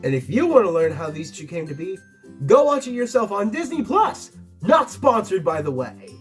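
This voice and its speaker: A man's voice: sits high, normal speed. Young guy ranking movies, swoops all over, snarky and crude, faint music behind. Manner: animated, sarcastic, crude jokes. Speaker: tier list video host. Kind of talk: casual commentary ranking movies.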